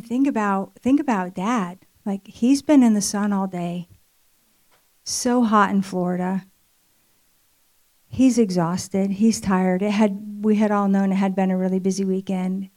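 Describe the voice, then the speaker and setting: A woman's voice: medium pitch, steady tone, a little slow, pauses often, a little mellow. A middle-aged woman telling a personal story at a church marriage event, chatty and full of fillers. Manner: conversational storytelling with many fillers. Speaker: speaker at marriage ministry event. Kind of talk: personal testimony sermon.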